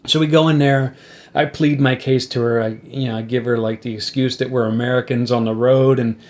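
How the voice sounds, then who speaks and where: A man's voice: medium pitch, a little fast. Man telling a wry road story. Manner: wry anecdote-telling, animated when acting out quotes. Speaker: podcast host and musician. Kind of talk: casual storytelling to a guest.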